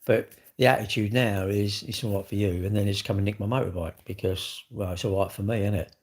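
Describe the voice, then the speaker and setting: Rambling man, low voice. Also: fairly even intonation, fairly quick. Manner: rambling, full of rhetorical questions. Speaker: vlogger. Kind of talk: casual rambling monologue.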